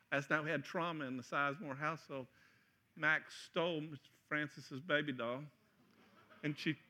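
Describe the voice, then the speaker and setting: Man, middle-aged, sermon, joking, high voice, sharp tone. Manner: animated, joking, acts out voices with loud shouts. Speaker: pastor.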